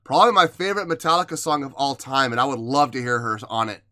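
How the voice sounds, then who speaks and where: A man's voice: mid-range voice, fast, pushed and bright. A man hosting a music reaction video, talking casually and with emotion, exclaiming, sighing and restarting his sentences as he thinks aloud.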